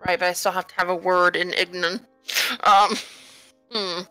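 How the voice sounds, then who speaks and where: A woman's voice: lowish voice, level tone, moderate pace, pushed and bright, smooth, dry recording, faint music behind, poor audio. A woman playing a tabletop game, hesitant and thinking aloud with many ums. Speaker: player. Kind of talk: casual tabletop game chat.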